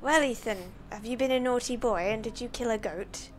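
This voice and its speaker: A bossy Mrs Claus who fires questions and gives orders, as a woman puts her on. The voice is slightly high and playful, part of an improvised story told over screenshots. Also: a little fast, a little hiss or hum, natural voice. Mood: demanding. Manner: commanding, demanding.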